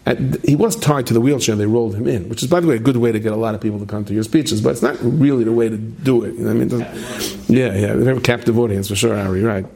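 A man gives a storytelling sermon in a dark, gravelly voice with a husky grain. He stumbles over repeated words and slips in dry humorous asides. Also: medium pitch, fast talker. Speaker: speaker giving a religious talk. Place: stage with plexiglass screen.

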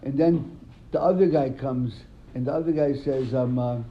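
Here a man of medium pitch talks at a normal speed as he teaches Talmud, quizzing the class and animatedly retelling stories, frequently repeating words. The sound is dull and lo-fi with faint room ambience.

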